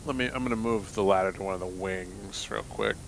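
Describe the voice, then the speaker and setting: Gravelly streamer muttering as he plays. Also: sits low, a little fast, a crowd in the background. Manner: playful, mutters to himself while playing. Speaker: streamer playing the game. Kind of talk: casual live-stream chat.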